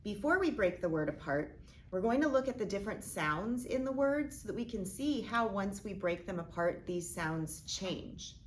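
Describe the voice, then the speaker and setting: A woman teacher modeling a phonics lesson, speaking slowly and deliberately as she sounds out each part of a word. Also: medium pitch, expressive, slight background noise. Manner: slow, deliberate, sounding out words.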